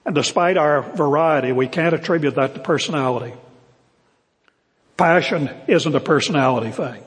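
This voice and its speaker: An older man preaches a sermon to his congregation, his voice sitting a little high for a man. He is earnest and emphatic, slowing down to lean on key words. The sound carries the long reverb of a church hall. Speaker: pastor. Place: church sanctuary.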